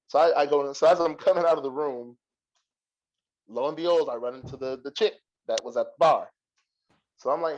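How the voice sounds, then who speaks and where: A man's voice: medium pitch, a little fast, a little hiss or hum. Profane storytelling man, dull lo-fi sound. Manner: profane, animated, laughs a lot. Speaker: podcast host. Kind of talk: casual storytelling.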